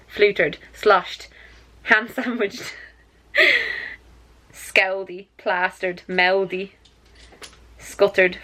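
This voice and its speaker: A woman's voice: on the low side, sharp tone. Chatty Irish woman vlogging. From Ireland. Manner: chatty and self-mocking. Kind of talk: casual vlog chat.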